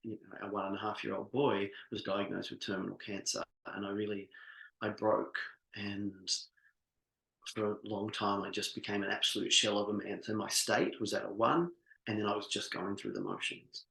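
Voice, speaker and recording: A middle-aged man coaching a live workshop, earnest and heartfelt, who often stops and restarts his sentences. His voice sits fairly low. The room has a noticeable echo. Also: moderate pace, vocal fry, fairly bright tone. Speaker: business coach. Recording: echoey room.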